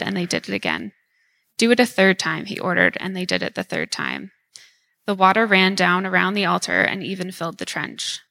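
A woman giving a steady, measured scripture reading in a service. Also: mid-range voice, creaky. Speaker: scripture reader.

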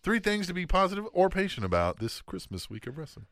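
A man chatting on a podcast with a bright, lively voice that swings up and down. He swears freely and laughs often while fighting off the hiccups. The sound is dry and close. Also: high voice, quick pace, no echo. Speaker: podcast co-host. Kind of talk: casual chat.

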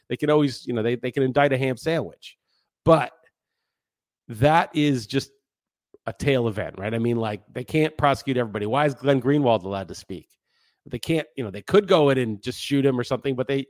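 A man's voice: medium pitch, no echo, clean studio sound. A man hosting a solo podcast, talking in a heated, profane, ranting way. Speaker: podcast host.

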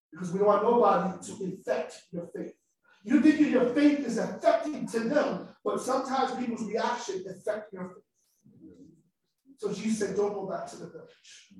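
A high-voiced man preaches a sermon in a hall that rings with heavy echo, heard from well back from the mic. He builds to shouted points, then drops to soft, quiet asides. The sound is a roomy, distant livestream capture. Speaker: pastor. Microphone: livestream device away from the speaker. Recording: roomy livestream audio from far off.

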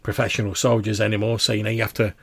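A man's voice: lowish voice, little pitch movement, rapid-fire, vocal fry, a bit bright, husky, no room sound, full character voice. A man voicing a friendly middle-aged train conductor and former soldier, chummy and boastful.

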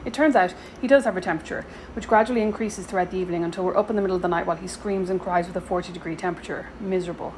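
A woman's voice: on the low side, steady tone, racing, few pauses, a little mellow, slight background noise, rough recording. A woman, reading her weekly spending diary aloud with dry, sarcastic asides and a slight sore throat. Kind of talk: scripted diary narration.

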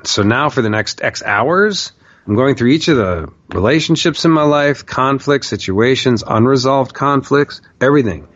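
A man telling a personal story in a candid, profane way, his talk full of "like" and loose restarts. His voice sits at an ordinary middle pitch. The audio is dry and a little dull. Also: animated, normal speed, a bit bright, dry recording. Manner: candid, profane, with frequent "like" fillers. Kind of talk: casual storytelling.

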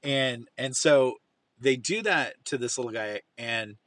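A man hosts a casual podcast chat, his voice bright and forceful. He talks in a loose, anecdotal way, restarting sentences and piling up fillers as he goes. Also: mid-range voice, unhurried. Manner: rambling anecdotal storytelling with many fillers. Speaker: podcast host.

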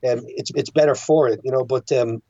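A man's voice: mid-range voice, steady tone, brisk, mellow, dry recording. Irish guy rambling on a podcast, lots of restarts, kinda muffled dry sound. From Ireland. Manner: rambling, many restarts and stammers. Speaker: filmmaker guest. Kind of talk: casual podcast chat.

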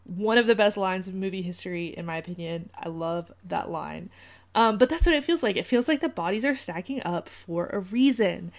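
A woman's voice: mid-range voice, normal speed. Chatty woman rambling through a podcast. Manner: chatty, rambling, many fillers, wry asides. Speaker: podcast host. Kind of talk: casual conspiracy podcast talk.

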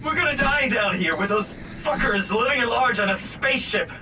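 A furious, shouting young man. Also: very high-pitched, animated, a little fast, background noise. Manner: shouting, outraged. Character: angry, panicked young man left behind.

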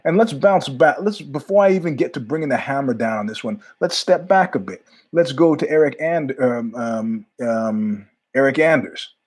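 Rambling husky-voiced male podcast host. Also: mid-range voice, moderate pace, hardly any pauses. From New York. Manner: rambling, animated, jumps between tangents with asides. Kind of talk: casual monologue storytelling.

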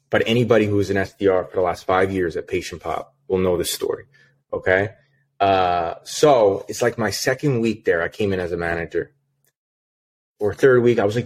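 A man's voice: deep voice, moderate pace. A man telling a work story in a casual podcast chat, with lots of fillers, acting out a phone call. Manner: animated, many fillers, acts out a phone call. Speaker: podcast guest, sales manager.

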